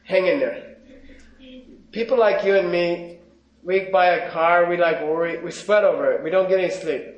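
A man teaching a class on Buddhism, reading out Tibetan lines slowly and then explaining them in casual, joking English to his students. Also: high-pitched. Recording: echoey, dull lo-fi room recording.

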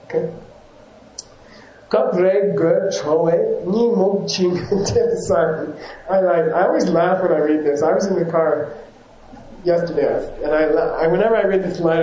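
A man's voice: fairly high pitch, mellow, roomy sound, slight background noise, rough recording. A man, a yoga teacher, giving a casual rambling talk to his class, often chuckling and correcting himself.

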